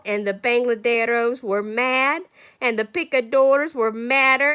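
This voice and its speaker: Lady coach reading a storybook to little kids, high voice, slow and playful, keeps calling kids by name. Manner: animated, calls children by name, playful asides. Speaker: school coach reading to a class. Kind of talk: storybook read-aloud for young children.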